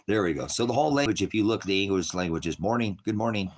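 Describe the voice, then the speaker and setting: Low-voiced male street-style preacher, rambling, chuckling, sarcastic. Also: expressive, fast. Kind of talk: casual livestream preaching.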